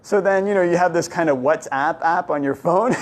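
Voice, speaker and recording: A Canadian Buddhist monk, his voice on the high side and at normal speed, tells a personal story during a casual Dhamma talk. He's chatty, leans heavily on "you know," and acts out both sides of a conversation.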